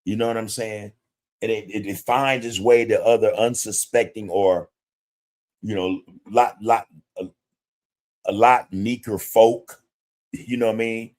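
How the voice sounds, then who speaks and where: A man's voice: lowish voice, steady tone, a little slow, long pauses, a little mellow. A man hosting a podcast livestream, talking bluntly in street slang with plenty of profanity and greeting viewers in the chat. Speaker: podcast host. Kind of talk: casual livestream commentary.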